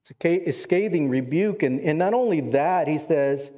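A man's voice: fairly high pitch, lively intonation, moderate pace, few pauses, dark tone. A man preaching a sermon, earnest, with repeated words and questions to the congregation. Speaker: pastor.

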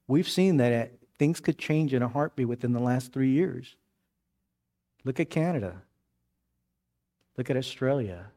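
Preaching with animation, this pastor lets his voice soar in the stories and drop to a hush when he wants to stress a point, before moving into a prayer.

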